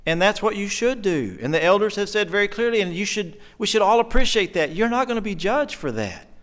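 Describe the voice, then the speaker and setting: A man's voice: high voice, sing-song, brisk. A middle-aged man preaching a sermon in a church, earnest and emotional, pressing his points with emphasis. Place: church sanctuary.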